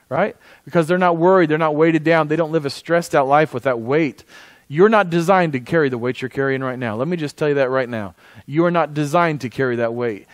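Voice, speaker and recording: An American pastor with a medium-pitched voice delivers a conversational sermon, frequently calling on the congregation for an amen. The recording has no room sound.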